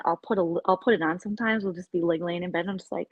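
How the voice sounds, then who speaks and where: A woman vlogger chatting casually with viewers on a livestream, opinionated and lively when she quotes people. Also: on the low side, rapid-fire, few pauses, breathy edge, dry recording. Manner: chatty, opinionated, animated quoting. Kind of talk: casual live chat with viewers.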